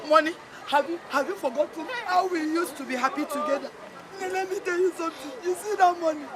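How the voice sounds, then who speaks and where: A begging debtor. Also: female voice, very high-pitched, fast talker. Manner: begging, pleading. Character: desperate indebted woman begging for mercy. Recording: loud crowd behind.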